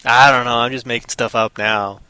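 A man's voice: medium pitch, fairly even intonation, a little fast, sharp tone, clean tone, no echo. A man in casual chat as a podcast co-host, rambling and joking, often slipping into silly put-on voices.

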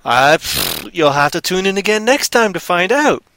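A man's voice: high-pitched, sing-song, normal speed, pushed and bright, dry recording. A man hosting a live stream, telling an improvised story and teasing his co-host in a playful, goofy way.

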